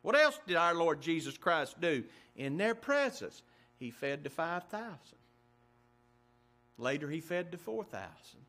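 With a slightly high, sharp voice, a very animated pastor delivers his sermon at a measured pace. He builds emphasis through rhetorical questions and reads scripture in old-fashioned King James language.

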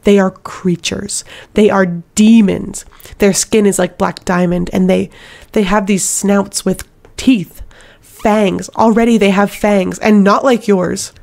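A woman reading an audiobook voices a frightened young servant girl who talks haltingly, with a gravelly edge. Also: medium pitch, fairly even intonation, darkish tone. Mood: horrified. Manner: halting, shaken, breaking into sobs.

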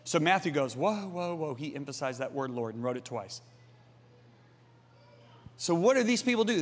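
A middle-aged man preaching a sermon, emphatic and animated, swinging between loud and hushed delivery. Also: high-pitched. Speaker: pastor. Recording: long hall reverb.

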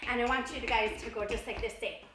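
A woman's voice: a little high, steady tone, fast, slight background noise. A woman leading a children's dance lesson, upbeat and encouraging as she counts out the steps. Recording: roomy, distant, loud music behind.

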